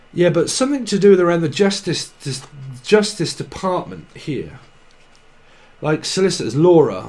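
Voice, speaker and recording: On the high side and a little mellow, this man's voice carries a meandering tarot reading. He channels loosely, riffing on words as they come and breaking into giggles at his own remarks.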